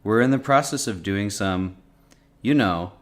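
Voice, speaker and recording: A man's voice: on the low side, measured pace. A man co-hosting a casual podcast, rambling with many likes and restarts. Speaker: podcast co-host.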